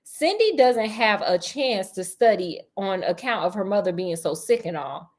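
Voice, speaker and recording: Cocky flippant teen boy, woman reading him, pretty high voice, audiobook vibe. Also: very animated, moderate pace. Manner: flippant, brash. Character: cocky smart-mouthed teenage schoolboy.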